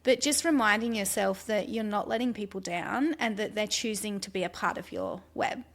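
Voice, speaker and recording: A woman's voice: mid-range voice, moderate pace. A woman hosting a casual podcast interview, talking in a reflective, encouraging way with frequent fillers. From former athlete. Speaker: podcast host.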